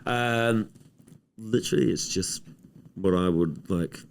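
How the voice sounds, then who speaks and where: A film director with a New Zealand accent chatting casually in an interview on stage, relaxed and rambling with deadpan jokes. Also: male voice, low voice, slow, gravelly, smooth.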